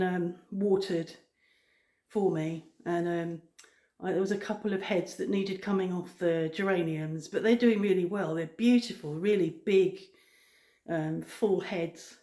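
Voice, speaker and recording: A middle-aged woman chatting casually to her viewers, rambling with many pauses and ums. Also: mid-range voice, reverberant. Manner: rambling, frequent ums, soft-spoken. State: out of breath. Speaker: vlogger. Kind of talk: casual chat.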